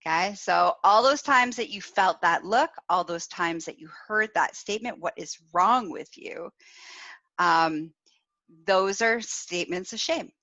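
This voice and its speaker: A woman host speaks slowly and frankly, in a casual teaching style, and laughs between her points. Her voice is bright and sits a little low. The sound is dull and lo-fi, with a dry room. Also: no echo. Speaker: podcast host and sexual wellness coach. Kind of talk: casual spoken teaching, live.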